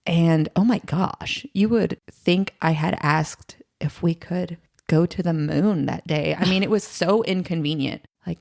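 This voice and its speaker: Female podcast guest, low gravelly voice, candid storytelling, emotional. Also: unhurried, few pauses, a little mellow, no room sound, studio quality. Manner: emotional, quotes others in her retelling.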